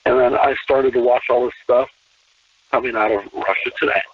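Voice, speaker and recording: A man, a podcast guest, talking in an animated casual way with many restarts and repeated words. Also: medium pitch, normal speed, recorded from a distance, a little hiss or hum. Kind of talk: casual conversation. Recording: tinny phone-line call.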